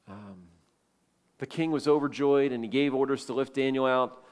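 A man's voice: mid-range voice, moderate pace, clear, resonant tone. Man preaching a sermon in a reverberant hall. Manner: storytelling, acting out quoted voices. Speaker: pastor.

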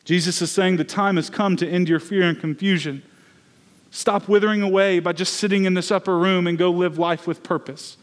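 A young man preaches a sermon in an earnest, personal way, weaving his own story into the message. His voice sits notably high for a man. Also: fairly even intonation, normal speed. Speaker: pastor.

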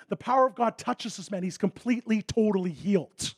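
A man preaching a sermon, telling a story with lively acted-out dialogue that swings from loud excitement to a hushed, intense tone. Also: high voice, fast talker. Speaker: pastor.

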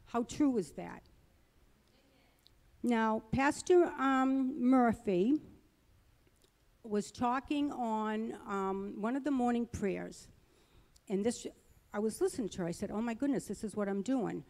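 A woman's voice: on the high side, slow, long pauses, darkish tone. Earnest woman preaching in a reverberant hall. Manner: earnest, conversational and rambling. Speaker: church speaker. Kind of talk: personal testimony sermon.

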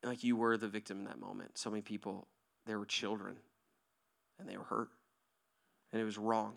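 A pastor in his thirties giving a sermon to his church, lively and joking at first, then soft and hushed as he leads a quiet prayer. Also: lowish voice, fairly quick, vocal fry. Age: 30s. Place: church hall.

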